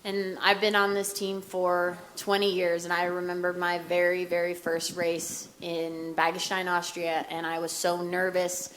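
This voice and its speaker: Woman, 30s, from the US, athlete at a press conference, low voice, faint background noise. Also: monotone, fairly bright tone. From United States. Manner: candid, conversational, some fast bursts. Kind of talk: answering press questions.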